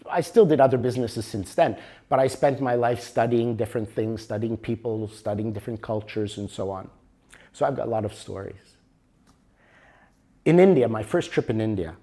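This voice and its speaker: A middle-aged man from Canada presenting a motivational workshop, telling a story in a lively way and acting out the dialogue. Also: on the low side, normal speed. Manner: animated storyteller, acts out dialogue.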